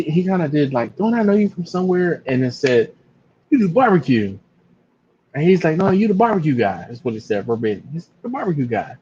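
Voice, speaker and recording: A man hosting a casual live stream, telling stories and acting out other people's voices in a much higher pitch. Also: darkish tone, slight background noise. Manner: storytelling, acts out other people with big jumps in pitch. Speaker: barbecue channel host. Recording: slightly dull lo-fi live stream.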